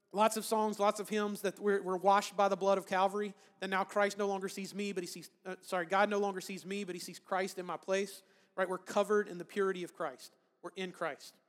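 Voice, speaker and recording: A man delivers a sermon in a relaxed, conversational preaching style. He often restarts phrases and checks in with his listeners. His voice sits high, and a long hall reverb trails after each phrase. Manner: conversational preaching with frequent "right?" asides and restarts. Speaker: pastor.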